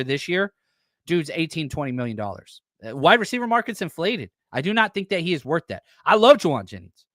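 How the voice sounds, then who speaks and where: A man's voice: a little high, dry recording, studio quality. A man hosting a live sports podcast, chatting casually and bluntly while answering viewer comments. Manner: animated, blunt, talks back to chat comments. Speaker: podcast host reading live chat.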